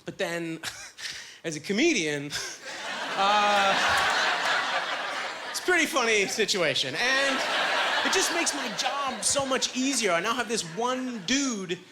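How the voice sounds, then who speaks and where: A man performing a stand-up comedy set on a club stage, chatty and self-deprecating, with plenty of filler words and quick asides. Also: very high-pitched, big pitch swings, very noisy.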